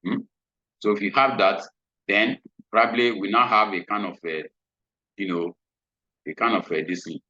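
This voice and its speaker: Deep-voiced man teaching, checking in with "hmm?". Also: fairly even intonation, normal speed, pauses often, pushed and bright, no echo. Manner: repetitive, checks in with frequent "hmm?". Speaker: trading instructor. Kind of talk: screen-share trading lesson. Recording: dull lo-fi recording.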